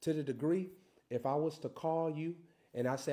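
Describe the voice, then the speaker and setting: A man preaching a sermon, reading scripture slowly and building to loud, shouted emphasis. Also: medium pitch.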